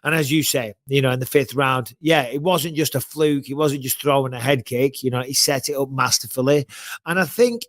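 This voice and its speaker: A man's voice: medium pitch, brisk. A man, chatting casually as a podcast co-host, full of swearing and banter. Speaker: podcast co-host, former fighter. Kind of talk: casual chat.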